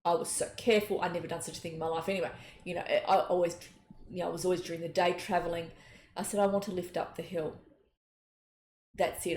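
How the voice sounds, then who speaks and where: A woman's voice: lowish voice, vocal fry. Earnest woman in an echoey room. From Australia. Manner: earnest, gentle, storytelling. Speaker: psychic and spiritual teacher. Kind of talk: spiritual talk with personal storytelling. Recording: echoey room, faint noise.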